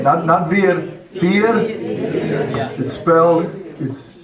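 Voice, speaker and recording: An older man teaching a language class, speaking slowly and patiently and spelling words out letter by letter. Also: a little high, a crowd in the background. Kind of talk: classroom lesson. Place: classroom or meeting hall. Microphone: far camera. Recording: echoey hall from far off with murmuring class.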